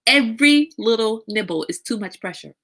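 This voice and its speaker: Outspoken middle-aged lady hosting a chatty stream, bright clear voice, gets animated. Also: moderate pace. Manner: outspoken, animated, breaks into high sing-song baby voices. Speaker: host. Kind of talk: casual livestream talk.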